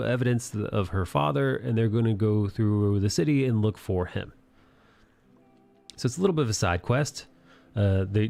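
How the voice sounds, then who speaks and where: A man with a fairly low voice talks through an anime recap in a loose, rambling way, swearing now and then. Faint music plays underneath. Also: a little mellow. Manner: loose, rambling, profane retelling. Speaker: anime review host. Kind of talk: casual recap discussion.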